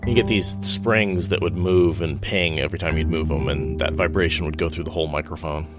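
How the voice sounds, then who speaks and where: A man co-hosting a podcast, talking in relaxed, chatty storytelling. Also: extremely low pitch, a little fast, loud music behind the voice. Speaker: podcast co-host. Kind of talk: casual chat.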